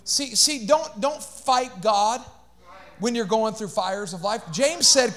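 High-voiced man preaching a fiery sermon. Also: lively intonation, takes it slowly. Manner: builds to shouted, sing-song preaching with call-outs to the congregation; acts out voices and jokes between points. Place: church.

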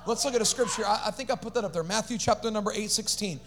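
A man with a high voice preaches an energetic sermon as the pastor. He calls on the congregation to answer and repeat after him, and breaks into casual, slangy asides. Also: very fast. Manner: animated preaching with call-and-response to the congregation.

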